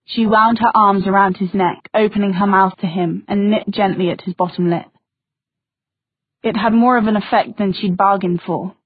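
A woman narrating an audiobook in a soft, intimate reading style, on a tinny recording. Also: medium pitch, breathy edge, dry recording. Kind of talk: scripted narration.

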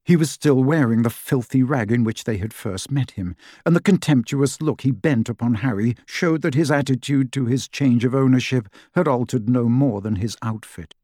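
A male audiobook narrator with a mid-range voice reading in a measured, even storytelling manner. The recording is close and dry, with no room sound. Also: medium pitch, no echo. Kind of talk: scripted narration.

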